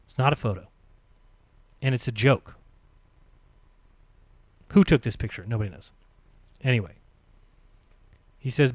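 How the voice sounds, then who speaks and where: A man hosting a live stream, reading comments aloud with sarcastic, mocking remarks between quotes and dropping to a low mutter on short asides. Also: no room sound, studio quality.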